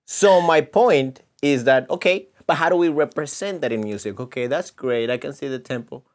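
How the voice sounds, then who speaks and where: A man's voice: medium pitch, moderate pace. A man teaching a music lesson to children, patiently explaining and counting beats aloud.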